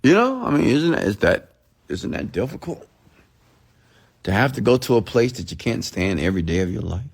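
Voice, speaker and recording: Blunt, gravelly-voiced man ranting. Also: mid-range voice, big pitch swings, normal speed. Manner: blunt, profane, mocking; mimics others in a raised voice. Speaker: motivational speaker. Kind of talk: late-night motivational rant.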